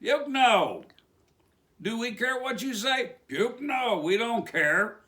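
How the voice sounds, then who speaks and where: A man's voice: very high-pitched, expressive, a little slow, pushed and bright. A man from West Virginia with a West Virginia accent, preaching an informal sermon in a rambling way full of rhetorical questions.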